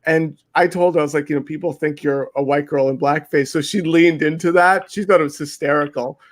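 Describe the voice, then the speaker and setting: A man hosting a casual interview, his voice sitting a bit high for a man. He tells his stories with animated emphasis and acts out what he said at the time, in a lively back-and-forth way. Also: fairly quick. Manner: animated, emphatic storytelling, often acting out his own quoted remarks. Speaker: interview host.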